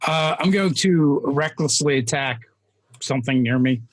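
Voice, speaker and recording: A man playing a tabletop game, eager and animated about his character's attacks. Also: mid-range voice, measured pace. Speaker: player.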